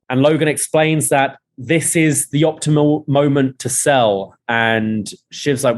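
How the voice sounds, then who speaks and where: A man's voice: medium pitch, fairly even intonation, measured pace, hardly any pauses. A man hosting a casual podcast, recapping a TV episode and reading out its dialogue with rising emphasis. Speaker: podcast host.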